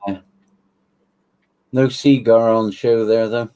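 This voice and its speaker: A man's voice: medium pitch, flat delivery, takes it slowly, dark tone, smooth, no echo. A man co-hosting a casual hobby livestream, mostly chipping in with short, agreeable replies and chuckles. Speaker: co-host. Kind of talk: casual chat.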